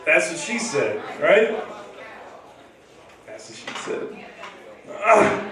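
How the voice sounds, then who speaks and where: A man hosts a live comedy night from a bar stage, telling stories in a loose, rambling way. His voice sits fairly high. The sound is very echoey and comes from a distant mic. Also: sing-song, slow, long pauses, sharp tone. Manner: casual rambling storytelling. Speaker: stand-up comedian and host. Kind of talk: stand-up comedy. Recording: echoey room from far off.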